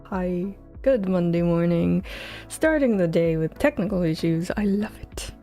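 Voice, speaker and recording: A woman's voice: on the low side, expressive, unhurried, mellow, soft background music. Chatty, scattered woman streamer. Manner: chatty, scattered, self-mocking. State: tired. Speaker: game dev streamer. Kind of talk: casual livestream chat.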